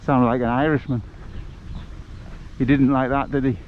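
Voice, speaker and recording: A man's voice: medium pitch, flat delivery, normal speed, phone-quality sound, a little hiss or hum. A man chatting and joking while he livestreams a walk through the countryside. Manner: chatty, jokey storyteller who laughs at his own stories. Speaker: travel livestreamer. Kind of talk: casual chat on a livestreamed walk. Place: outdoors in the countryside.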